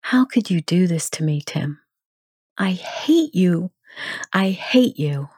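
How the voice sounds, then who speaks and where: A woman's voice: fairly low pitch, very animated, drawn-out words, darkish tone, husky, no echo, studio quality, heavily acted. A woman voicing an angry grieving widow who rails at her late husband in shaky, pleading outbursts. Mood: furious grief.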